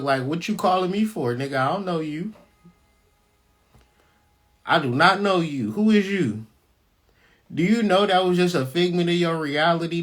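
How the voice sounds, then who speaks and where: Speaking on his own channel, this host reacts to a scripture reading with crude, no-nonsense spiritual commentary. His pitch runs fairly high and his tone fairly bright, and he preaches his points by repeating phrases and slowing on the words that matter.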